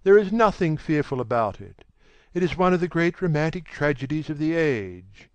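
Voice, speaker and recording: Man voicing a vain, aloof young gentleman. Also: on the high side, big pitch swings, moderate pace, smooth, dry recording, pitched above the performer's own voice. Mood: coolly aloof. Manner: languid, self-assured, dismissive. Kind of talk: audiobook character voice.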